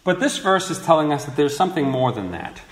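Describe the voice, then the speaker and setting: A man's voice: fairly high pitch, big pitch swings, brisk. Earnest male preacher in an echoey room. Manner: earnest expository preaching with rising emphasis. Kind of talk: sermon. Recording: echoey room with faint noise.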